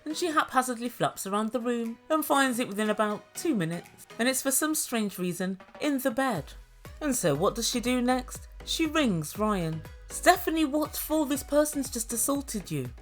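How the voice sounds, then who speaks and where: Woman reviewer, slightly high voice, dry sarcastic comedy recap, faint music behind. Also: expressive, normal speed. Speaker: show reviewer.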